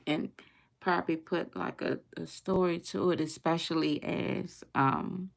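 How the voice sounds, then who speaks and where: Low gravelly-voiced woman, earnest and rambling. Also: measured pace. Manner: earnest, rambling, with many fillers and restarts; religious phrasing. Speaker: vlogger. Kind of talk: casual heartfelt monologue.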